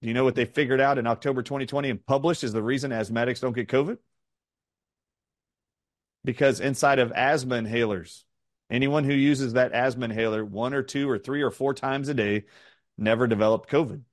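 A man's voice: medium pitch, fairly even intonation, dry recording. Middle-aged southern-raised guy, emphatic, fires off questions, dry close sound. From southern United States. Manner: rapid-fire questioning, emphatic. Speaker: interview guest. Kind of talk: animated storytelling in an interview.

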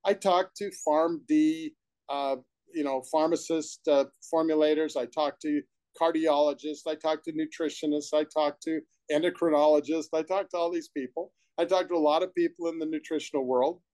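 A man's voice: on the high side, steady tone, moderate pace, dark tone, no echo. A man being interviewed as a guest, the founder of a supplement company, telling his story in a rambling, enthusiastic way from his room at home. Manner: rambling, enthusiastic, with restarts and asides.

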